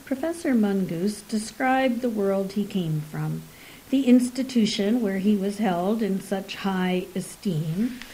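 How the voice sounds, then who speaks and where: Slow, measured woman narrating a story. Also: medium pitch, darkish tone, slight background noise, low-quality recording.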